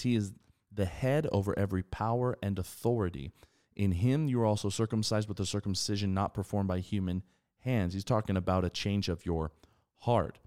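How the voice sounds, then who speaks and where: A man co-hosting a faith podcast, talking earnestly about scripture in an animated, preaching way. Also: deep voice, moderate pace, clean tone. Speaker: podcast co-host.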